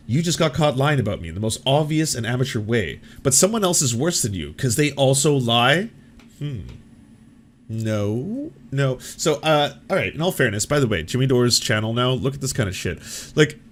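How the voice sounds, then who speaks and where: A male commentary host who rambles through his points with a sarcastic, profane edge. His voice sits at an ordinary middle pitch. He talks the way people do in unscripted reaction videos. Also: very animated, moderate pace, fairly bright tone, slight background noise. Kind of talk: casual commentary reacting to clips.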